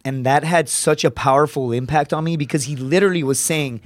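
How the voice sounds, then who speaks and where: A man's voice: fairly high pitch, fairly quick, slight background noise. A man in his thirties, a comedian appearing as a podcast guest, telling personal stories in a casual, profane way and often tagging his sentences with "right?". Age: 30s. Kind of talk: casual storytelling.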